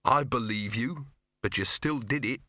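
A man's voice: mid-range voice, a little slow, pushed and bright, no room sound, studio quality. A man reading aloud and voicing an earnest, reassuring young man in an audiobook. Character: earnest young man, trying to stay brave.

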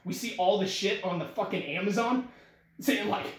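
A man in his twenties talking rambly and excitedly with his father, swearing a lot and saying "like" often. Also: high voice, moderate pace. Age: 20s. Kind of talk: casual heart-to-heart conversation. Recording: roomy echo with faint noise.

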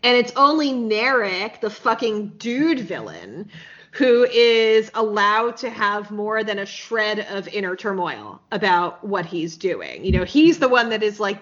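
A woman's voice: medium pitch, a bit bright. A woman co-hosting a casual podcast, recapping a TV episode in a frank, sarcastic way and swearing freely. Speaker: podcast co-host. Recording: slightly dull, lo-fi podcast audio.

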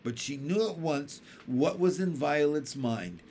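A man reading a children's book aloud with expressive storytelling. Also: fairly high pitch, unhurried, a little hiss or hum. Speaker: audiobook reader.

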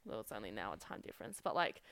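A woman's voice: a bass voice, big pitch swings, fast talker, gravelly, a bit bright, no echo, studio quality. A young woman telling stories in a casual, swear-heavy chat, filling her talk with "like". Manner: chatty storyteller, lots of "like", swears freely. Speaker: podcast co-host.

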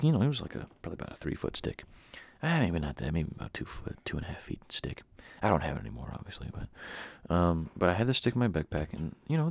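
A young man hosts a solo podcast and tells a rambling, animated story full of mocking asides. His voice is deep and husky with a gravelly edge. It is recorded dry and close, with no room sound. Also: no room sound. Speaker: podcast host. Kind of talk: casual storytelling monologue.

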